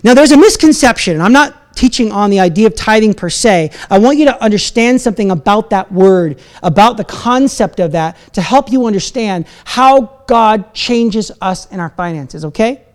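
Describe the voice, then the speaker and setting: A man's voice: high voice, expressive, moderate pace, few pauses. A man preaching a sermon as pastor, talking in a conversational, self-deprecating way with asides and laughs.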